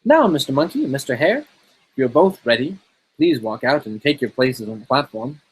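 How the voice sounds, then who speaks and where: A man's voice: medium pitch, expressive, a little fast, husky. A man reading a fairy tale aloud, voicing a polite, fussy male deer who referees a wrestling match. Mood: formal, encouraging.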